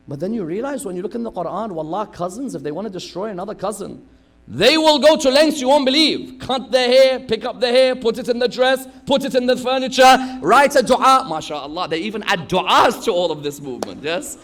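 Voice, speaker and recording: A man preaching a sermon, telling stories with acted-out quotes and sudden loud bursts. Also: high-pitched, sing-song, normal speed. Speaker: preacher giving a Muharram lecture.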